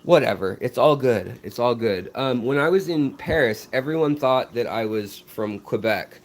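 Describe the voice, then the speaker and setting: A man's voice: medium pitch, animated, moderate pace. An American man hosting a fishkeeping live stream, rambling casually with lots of ums and restarts while he answers viewer messages beside his aquarium tanks. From United States.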